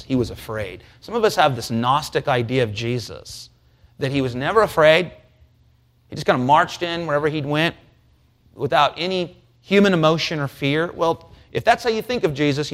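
A man preaching a sermon, shifting between hushed, slow passages and rising, fervent stretches. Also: on the high side.

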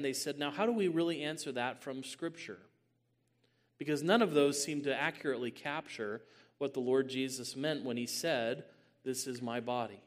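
A man giving a theological teaching talk as a church teacher, measured with many "um"s and rising at times to a booming emphasis. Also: darkish tone.

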